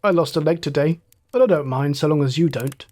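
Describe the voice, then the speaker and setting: A man's voice: fairly high pitch, a little fast, darkish tone, lightly acted. A man voicing a wounded young fighter pilot thinking aloud, in a light, musing inner monologue. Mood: dazed cheer.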